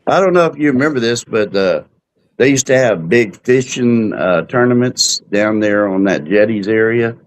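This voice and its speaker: Low-voiced man telling stories. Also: normal speed, rough recording. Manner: storytelling, relaxed with fillers. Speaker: host. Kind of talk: casual chat.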